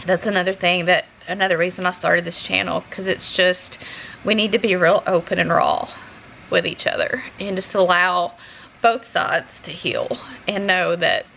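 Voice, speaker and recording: A woman vlogger talking in a halting, earnest way with many restarts, close to tears as she speaks to her viewers. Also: fairly low pitch, steady tone, vocal fry, a bit bright, a little hiss or hum, poor audio. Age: adult. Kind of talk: unscripted personal talk to camera.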